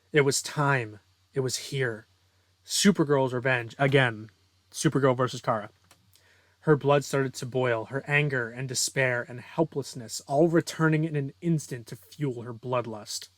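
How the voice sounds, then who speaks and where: A man's voice: medium pitch, normal speed, no echo. A young man reading his own story aloud and breaking off for casual, self-deprecating author commentary.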